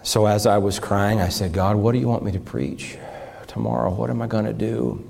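An older male pastor delivers a sermon with deep conviction. His fairly low voice rises into pleading and sinks into quiet confession, always earnest and impassioned. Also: fairly even intonation, normal speed, creaky, slight background noise. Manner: impassioned, swinging from raised pleading to hushed confession.

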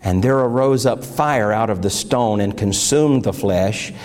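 A man's voice: on the low side, unhurried, darkish tone. Man, middle-aged, pastor, sermon, scripture reading, emotional, fervent.

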